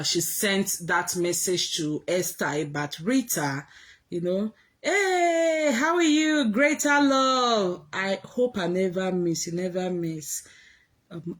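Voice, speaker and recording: A woman chatting casually on a livestream, mocking someone and greeting viewers by name. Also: lowish voice. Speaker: livestream host. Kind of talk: casual gossip commentary.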